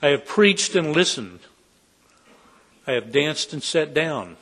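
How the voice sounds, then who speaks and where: A pastor preaching a heartfelt sermon in a church sanctuary, slow and earnest. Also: male voice, a little high, big pitch swings, fairly bright tone, big-room sound.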